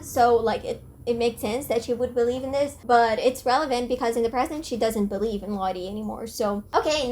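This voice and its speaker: A woman's voice: fairly high pitch, slight background noise. A young woman narrating a casual video essay, chatty with lots of "like" and self-conscious asides. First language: not French. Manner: chatty, frequent "like", apologetic about pronunciation.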